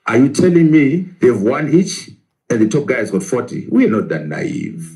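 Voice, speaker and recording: A man's voice: medium pitch, very animated, moderate pace, darkish tone, low-quality recording. A man, a professor, arguing in a political interview, asking rhetorical questions and answering them himself.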